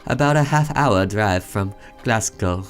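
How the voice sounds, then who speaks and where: A man's voice: fairly low pitch, lively intonation, a little slow, soft background music. A man voicing a nervous, overly polite male neighbor who apologizes and fusses as he speaks. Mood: flustered polite. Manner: apologetic and fussy.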